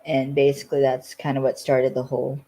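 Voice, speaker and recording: A western Pennsylvania woman co-hosts a casual podcast, recapping a TV episode in a rambling way and peppering it with "like" and "you know." Her voice rumbles low and dark, stays monotone, and moves a little fast over a rough recording.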